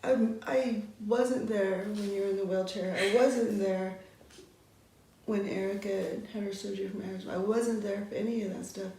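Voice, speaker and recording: A middle-aged woman, an older sister, talking in a warm and supportive way. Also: medium pitch, fairly even intonation, normal speed. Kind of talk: conversation. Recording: echoey, distant mic, faint noise.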